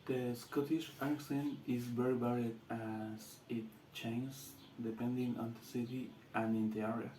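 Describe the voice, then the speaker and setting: A man with a Latin American Spanish accent, a student giving a class presentation in halting English with restarts. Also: medium pitch, level tone, dark tone, echoey room, slight background noise, low-quality recording.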